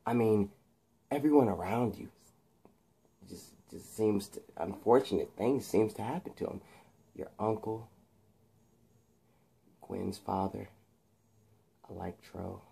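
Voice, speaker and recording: Ein Mann spielt einen leise drohenden jungen Erben. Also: male voice, slow, gravelly, long pauses, husky, heavily acted. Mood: menacing. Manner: low, hushed and menacing. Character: scheming young rich man, cold and taunting.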